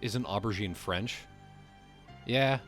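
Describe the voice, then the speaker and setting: A man's voice: fairly low pitch, slow, fairly bright tone, faint music behind. A man hosting a live stream, reading a text aloud and breaking off into joking, casually profane asides to his chat. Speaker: livestream host.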